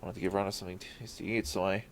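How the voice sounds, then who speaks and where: A man reading the lines of a scared, apologetic little boy from a game, hesitant and halting. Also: low-pitched, little pitch movement, a little hiss or hum, lightly acted. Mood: anxious.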